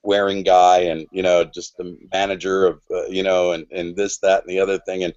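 A man's voice: low voice, flat delivery, fairly quick, a little mellow, highs cut off. A man in his forties telling a story on a podcast, rambling and restarting, acting out quoted lines. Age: 40s. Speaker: podcast guest. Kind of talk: casual storytelling.

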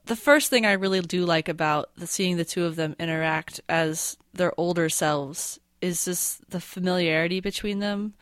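A woman's voice: lowish voice, moderate pace, few pauses, smooth, dry recording. A woman co-hosting a podcast, casually talking through a story's structure and thinking aloud. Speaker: podcast co-host. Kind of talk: casual chat.

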